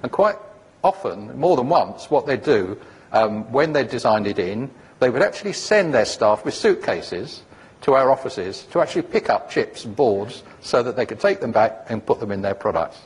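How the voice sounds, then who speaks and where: A man's voice: mid-range voice, sing-song, normal speed, slightly rough. A man giving a conference talk about founding a company, rambling and anecdotal, full of fillers and restarts.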